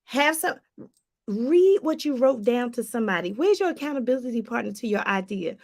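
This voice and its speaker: A woman with a high, bright voice coaches her viewers in an animated, preachy way. She keeps addressing them as y'all. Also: moderate pace. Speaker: life coach. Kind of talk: motivational livestream talk.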